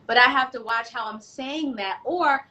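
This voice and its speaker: High-voiced outspoken woman guest. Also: moderate pace, rough recording. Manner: outspoken, opinionated, animated. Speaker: guest, doula and self-love specialist. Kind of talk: casual chat.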